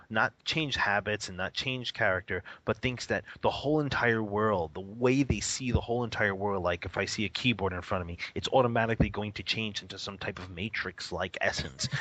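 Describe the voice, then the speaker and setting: A man's voice: lowish voice, a bit bright, slightly rough. A man who teaches meditation, explaining things casually in a radio interview. He laughs often and acts out the reactions of the people he quotes. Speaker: Buddhist teacher.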